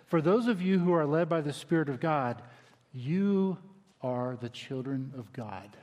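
Animated yet unhurried, a male pastor whose voice sits slightly high preaches in an easy, conversational style, repeatedly sinking to a quiet, emphatic hush for emphasis. His words echo with a long reverb, as in a big church sanctuary.

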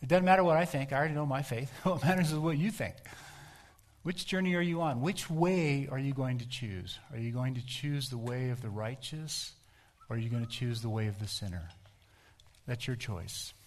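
A man's voice: mid-range voice, normal speed. Conversational man preaching a sermon. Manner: conversational storytelling preacher, asks the congregation direct questions. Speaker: pastor.

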